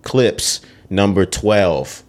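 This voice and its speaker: A man with a very low voice co-hosts a podcast in loose, casual chat. He is opinionated and swears freely as he works through a ranked list. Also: animated, drawn-out words, a little mellow. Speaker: podcast co-host.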